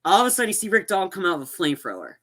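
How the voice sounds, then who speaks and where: Bright-voiced man rambling through a recap. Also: high-pitched, huge pitch swings, racing. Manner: rambling retelling with many restarts and acted-out quotes. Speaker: podcast co-host. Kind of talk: casual movie recap.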